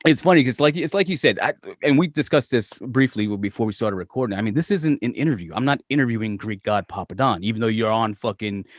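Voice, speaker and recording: A man's voice: medium pitch, fast talker, hardly any pauses, no echo, studio quality. A man hosting a casual podcast chat, swearing freely and joking loosely with his guest. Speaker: podcast host.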